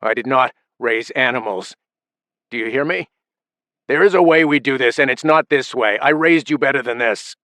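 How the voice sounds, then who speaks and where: A man's voice: mid-range voice, no room sound, close to an everyday voice. A man doing a furious, menacing family patriarch. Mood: furious menace. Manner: menacing, shouting, slow threats.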